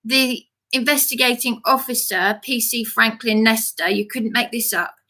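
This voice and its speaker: A woman telling her story to camera in a rushed, indignant way, restarting and repeating phrases, saying she feels ill and worn out. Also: fairly high pitch, sharp tone. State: feeling ill and exhausted. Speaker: vlogger. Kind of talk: agitated personal account to camera.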